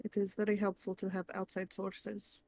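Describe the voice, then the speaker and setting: A woman voicing a calm adult woman who gives a child measured, gently stern advice. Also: medium pitch, close to an everyday voice. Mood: advising.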